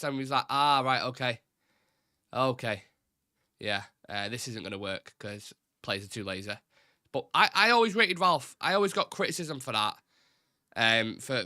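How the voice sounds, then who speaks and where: A man's voice: mid-range voice, sharp tone, no room sound, clean studio sound. A man hosting a live fan stream, chatting casually and reading out viewer comments in a rambling, self-deprecating way. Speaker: host of a live fan show.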